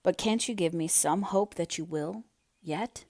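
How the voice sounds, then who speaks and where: Lady reading as a serious young guy in love, quiet, dry close sound. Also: sits high, a little slow, gravelly, no echo. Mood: earnest. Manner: quiet, earnest, then bitter. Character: earnest young man in love, steady.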